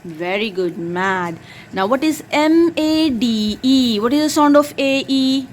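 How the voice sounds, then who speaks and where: A woman's voice: sits high, expressive, measured pace, slight background noise. A woman drilling her young child on phonics, patiently spelling out letters one by one and praising each answer.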